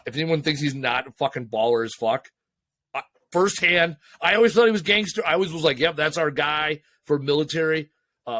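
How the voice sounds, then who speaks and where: A man co-hosting a business podcast, telling stories in a profane, excitable, casual way. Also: a little high, no room sound. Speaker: podcast co-host. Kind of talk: casual chat.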